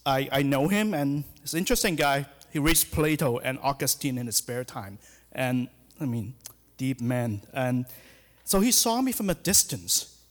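Hesitant man preaching in a reverberant hall. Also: medium pitch. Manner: hesitant, many fillers and restarts. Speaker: hospital chaplain giving a church sermon. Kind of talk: sermon. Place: church sanctuary.

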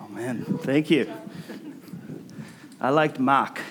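A man's voice: mid-range voice, takes it slowly, fairly bright tone, a little hiss or hum. A man leading a casual, joking talk to his church congregation as its pastor. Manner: chatty, joking, self-interrupting.

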